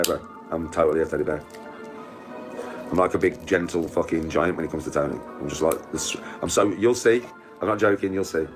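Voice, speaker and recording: A middle-aged man chatting on a live stream, boastful, crude and rambling, laughing often. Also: low-pitched. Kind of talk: boastful casual chat with friends.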